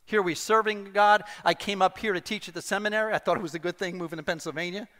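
A middle-aged male pastor preaching a sermon, telling a personal story with animated, self-deprecating humor. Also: high voice, fast talker. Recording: long hall reverb.

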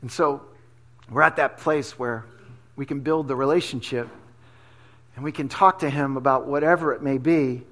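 A man's voice: medium pitch, fairly even intonation, moderate pace, pauses often, fairly bright tone. A male pastor giving a sermon in a casual, conversational way, dropping slang asides as he teaches.

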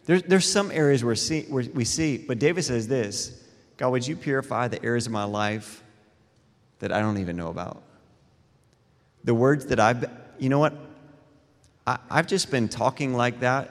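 A middle-aged man preaching a sermon as a pastor, telling animated, self-deprecating stories between scripture readings. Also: mid-range voice. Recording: long reverb in a large hall with faint music.

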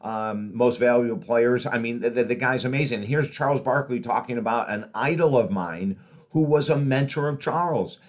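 A man in his sixties hosting a motivational podcast, telling stories with bursts of excitement and quiet asides. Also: medium pitch, moderate pace. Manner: animated storyteller, swinging from loud excitement to quiet asides. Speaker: podcast host and author.

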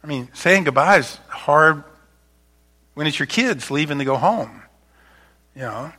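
A man preaching a sermon as pastor, talking in a loose, conversational way with frequent restarts, rising loud for emphasis and dropping to soft, hushed passages. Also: fairly high pitch, animated, a little slow.

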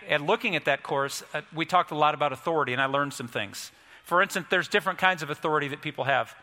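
A pastor preaches in a conversational, folksy way, his voice bright and a little high. A long reverb hangs after his words in a large church room. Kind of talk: sermon.

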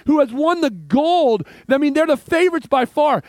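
A man preaching a sermon, telling a story and swinging from hushed, slow lines to excited outbursts. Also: very high voice, no room sound. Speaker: pastor.

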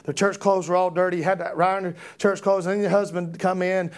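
A man preaching an impassioned sermon, repeating rhetorical questions and building to shouts. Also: sits high, little pitch movement, fast talker.

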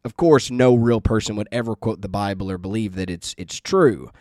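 A man's voice: on the low side, moderate pace, a little mellow, dry recording, clean studio sound. A man teaching about the Bible in a casual, earnest way, telling a personal story and using many fillers.

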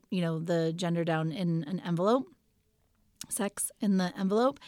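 A woman co-hosting a podcast in casual chat, telling a story with lively acted-out quotes. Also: mid-range voice, no room sound, studio quality. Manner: animated storyteller, acts out quotes. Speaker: podcast co-host.

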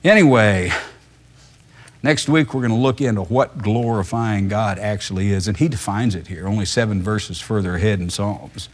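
A man's voice: on the low side, normal speed. A male pastor, preaching a sermon in a conversational, emphatic way full of rhetorical questions.

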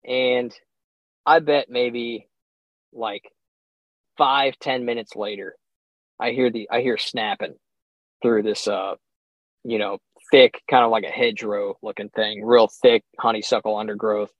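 A young man, a podcast guest, telling a hunting story in a casual, animated way, acting out his own reactions and chuckling often. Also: mid-range voice, measured pace, long pauses, no echo. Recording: slightly dull, dry sound.

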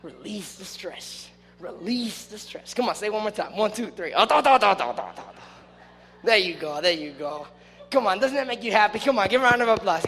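A young man giving a casual, playful youth sermon, joking and breaking into loud excited shouts. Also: sits high, a little hiss or hum. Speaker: youth preacher. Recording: long hall reverb with faint music.

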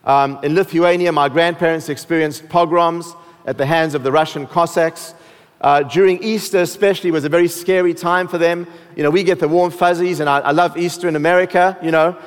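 A man's voice: on the high side, fairly even intonation, a little fast, clean tone. A man from South Africa with a South African accent, preaching a sermon as pastor in a joking, easygoing way. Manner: joking, with laughs and restarts. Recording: long hall reverb.

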